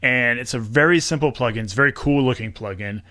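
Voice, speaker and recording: A man's voice: mid-range voice, quick pace, bright, forceful tone, no echo, studio quality. Chatty man laughing through explanations. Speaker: podcast producer and host, guest. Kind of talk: casual interview chat.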